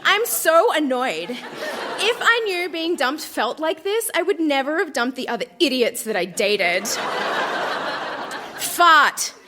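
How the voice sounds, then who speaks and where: A woman's voice: high-pitched, expressive, measured pace, background noise. A woman in her thirties reading her teenage diary aloud on a live stage, melodramatic and breaking into laughter. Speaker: guest reader.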